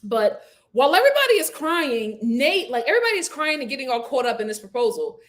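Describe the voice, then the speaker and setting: A woman hosting a casual review show, talking straight to viewers in a candid, opinionated, animated way. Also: quick pace. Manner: animated and expressive, acts out quotes with big pitch jumps. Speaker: host reviewing a reality show. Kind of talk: casual chat.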